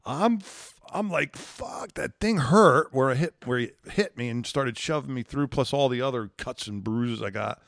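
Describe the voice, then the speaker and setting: A man, a podcast guest, telling a wild personal story in an animated, profane way. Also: mid-range voice, moderate pace, creaky, few pauses, dry recording, clean studio sound. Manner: profane, excitable, acts out dialogue. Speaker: guest, former combat controller.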